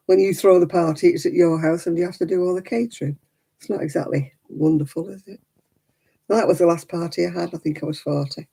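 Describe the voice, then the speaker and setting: A woman's voice: on the low side, fairly even intonation, moderate pace, vocal fry, long pauses, warm tone, breathy edge. A middle-aged woman chatting casually while knitting on a crafting livestream, cooing baby talk to her dog in between.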